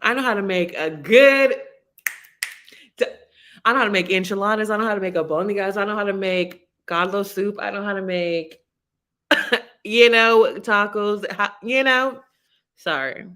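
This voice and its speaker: A woman's voice: mid-range voice, normal speed, long pauses, fairly bright tone. A woman hosting a casual livestream chat, giggly and scattered, rambling from thought to thought. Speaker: livestream host.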